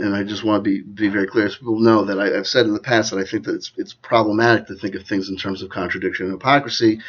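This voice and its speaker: A man with a slightly low voice talks off the cuff, wandering between points and tagging his sentences with little check-ins to the listener. The recording is dull and lo-fi, with the top end rolled off. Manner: loose and digressive, peppered with "you know" and "okay?". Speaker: channel host. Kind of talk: rambling commentary to camera.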